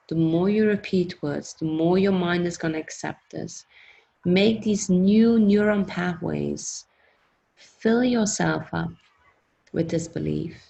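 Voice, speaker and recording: A woman leading a workshop through a guided self-hypnosis exercise, coaching in a gentle, encouraging, repetitive way. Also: on the low side, gravelly, rough recording. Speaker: workshop leader.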